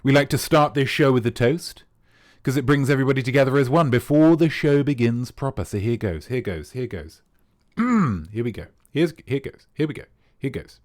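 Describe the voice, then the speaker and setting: A man's voice: mid-range voice, expressive, normal speed, a little mellow. An English man with a refined RP accent, hosting a live-streamed character comedy show in a grandiose, theatrical manner. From England. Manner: grandiose, theatrical, playfully pompous. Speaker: streamer host.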